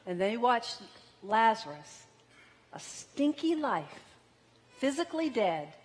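A woman preaching a sermon, slow and deliberate, drawing out key words for emphasis. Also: a little high, big pitch swings. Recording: long hall reverb.

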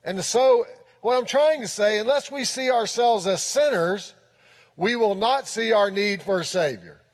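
A man with a high voice preaching a sermon with emphasis and repeating his points for weight. He is recorded in a church with a long, lingering reverb. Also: expressive, measured pace. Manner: emphatic, repeats key phrases. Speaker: pastor.

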